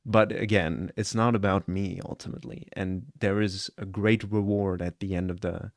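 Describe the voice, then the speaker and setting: A man with a slightly low voice talks earnestly and casually, like a streamer reacting to a clip. He rambles a little and keeps checking in with his listener. The recording is close and dry, with no room sound. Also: fairly even intonation, normal speed, no room sound. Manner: earnest and rambling, often asks "you know what I'm saying?". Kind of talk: casual live-stream chat.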